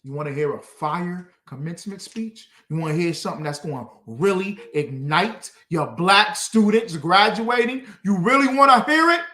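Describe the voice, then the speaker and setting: A man preaching fiercely, swinging between shouts and low, muttered lines. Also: echoey room. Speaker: street preacher. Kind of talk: fiery street preaching.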